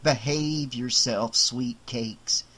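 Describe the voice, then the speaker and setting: A man voicing a sneering, menacing killer doll in an audiobook, with slow, snarling threats. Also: medium pitch, sharp tone, voice pushed down, exaggerated voice.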